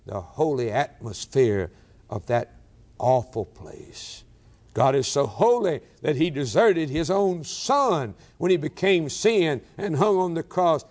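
Man, preacher, sermon, lively rising and falling pitch, loud then hushed. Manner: dramatic preaching with sudden swings from loud to hushed.

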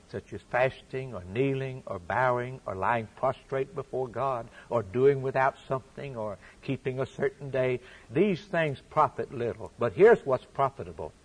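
A man preaches a sermon in a husky, slightly breathy voice at an ordinary pitch. He drives his points home by repeating phrases for emphasis. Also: lively intonation, normal speed.

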